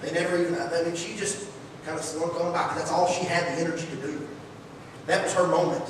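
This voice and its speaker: Male preacher, folksy and lively, high voice, distant mic in a booming church hall. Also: a little fast, background noise. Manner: folksy, energetic, rhetorical questions. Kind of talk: sermon. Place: church sanctuary.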